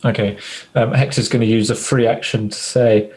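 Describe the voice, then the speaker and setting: A man taking his turn as a player in a tabletop game, measured and thinking aloud. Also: mid-range voice, flat delivery, a little mellow, poor audio. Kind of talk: casual game table talk.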